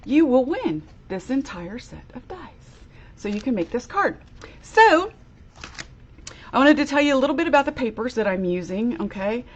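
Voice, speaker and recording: A woman with a slightly high, cheerful voice hosts a live-streamed craft demo. She chats casually and bubbles along as she greets viewers by name. The stream audio sounds somewhat dull and lo-fi. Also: big pitch swings, a little fast. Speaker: crafter demonstrating a product.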